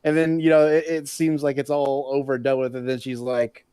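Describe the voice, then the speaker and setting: A man's voice: medium pitch, level tone, brisk, mellow, clean tone, no echo. Rambling man, dry close sound. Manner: rambling, many fillers. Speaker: podcast co-host. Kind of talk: casual chat.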